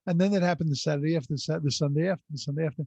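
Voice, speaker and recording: Guy rabbi teaching over a video call, gravelly and warm, dry flat sound. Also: on the high side, very fast, no room sound, poor audio. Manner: rambling anecdotal delivery with frequent restarts. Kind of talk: conversational storytelling lesson.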